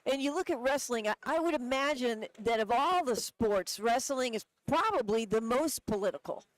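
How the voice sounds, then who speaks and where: Man, very high pitch, dry close sound, radio host asking questions. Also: expressive, normal speed, fairly bright tone, dry recording, low-quality recording. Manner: conversational, asks leading questions. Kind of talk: casual interview. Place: radio row broadcast booth.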